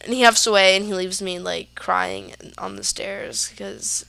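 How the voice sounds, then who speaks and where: A woman's voice: medium pitch, steady tone, moderate pace, creaky, pushed and bright, dry recording. A teenage girl hosting a podcast, telling a story casually with lots of "like" and "yeah". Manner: chatty, lots of fillers like "like" and "yeah". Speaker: podcast host.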